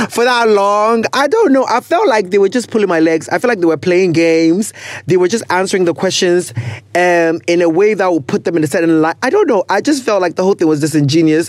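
A man's voice: high-pitched, no room sound. A young man with a Ghanaian accent hosting a podcast in casual chat, playful and laughing often, mixing in bits of pidgin. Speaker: podcast host.

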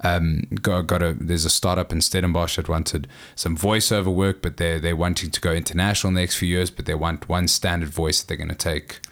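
A man with a very low voice, talking as a guest voice artist in a casual interview. He tells his stories in an animated way, stumbling and restarting phrases as he goes. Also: fairly quick, few pauses. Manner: animated storyteller with many restarts.

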